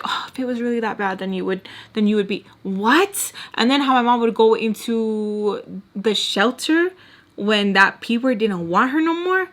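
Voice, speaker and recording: A young woman telling a personal story in a casual storytime vlog, animated and exasperated, saying "like" constantly. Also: on the high side. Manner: animated and exasperated, heavy use of "like". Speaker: storytime vlogger.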